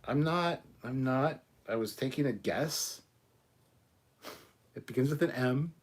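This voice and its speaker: A man's voice: medium pitch, measured pace. A man hosting a live stream, drinking rum and reading viewer comments in casual chat, swearing freely as he rambles through stories. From Canada.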